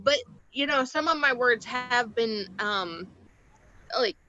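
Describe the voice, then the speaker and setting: A woman in a casual group chat who makes dry, deadpan joking remarks. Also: fairly high pitch, slow. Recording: dull lo-fi audio.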